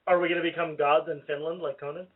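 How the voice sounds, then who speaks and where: A man co-hosting a comedy radio show, talking quickly in a slightly high voice. He throws in short, dry, teasing quips. The sound is thin and tinny, like a phone line. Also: flat delivery. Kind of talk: casual comedic radio banter.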